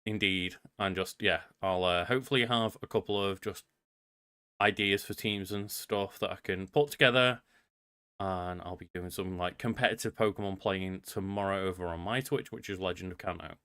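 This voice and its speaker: A man's voice: low voice, fairly even intonation, normal speed, pushed and bright, smooth, dry recording. A man co-hosting a podcast in rambling, sweary casual chat full of fillers. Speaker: podcast co-host.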